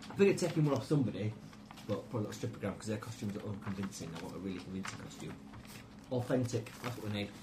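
A man's voice: lowish voice, animated, very fast. A British man playing a tabletop game, blunt and scheming in casual chat. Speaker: player. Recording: noisy home recording.

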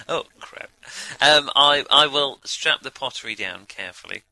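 A man's voice: medium pitch, lively intonation, measured pace, gravelly, bright, forceful tone, dry recording, low-quality recording. A man playing a tabletop game, joking and laughing with the group. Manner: jokey, laughing. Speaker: player.

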